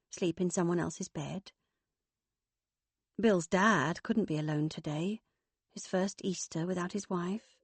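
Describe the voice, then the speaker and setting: Dry, steady woman narrating a novel. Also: fairly low pitch, husky, no echo. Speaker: audiobook narrator. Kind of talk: scripted narration.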